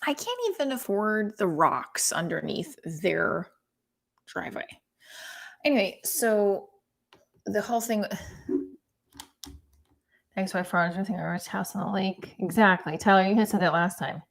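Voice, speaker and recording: A woman comedian chatting loosely on her live stream, wandering from thought to thought. She swears freely and is quick to make fun of herself. Her voice sits at an everyday pitch. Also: lively intonation, creaky. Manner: rambling, profane, self-deprecating. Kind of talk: casual live-stream chat.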